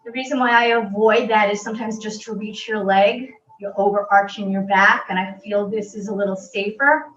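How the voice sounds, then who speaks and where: A woman fitness instructor calmly guiding a stretching class with gentle, reassuring cues. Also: medium pitch, normal speed, a little hiss or hum. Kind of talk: guided exercise instruction. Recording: roomy, distant, dull audio.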